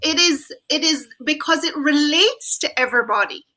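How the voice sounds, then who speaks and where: A woman's voice: high-pitched, moderate pace, sharp tone, rough recording. A woman from Jamaica with a Jamaican accent, speaking earnestly as a guest on an interview show and laughing easily. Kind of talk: interview conversation.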